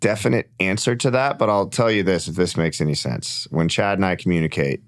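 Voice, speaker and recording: A middle-aged man with a fairly low voice chats casually, spinning laid-back stories. He swears freely and bursts out loudly when he acts out what others said. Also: fairly quick. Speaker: podcast guest, rock and country musician. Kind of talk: casual chat.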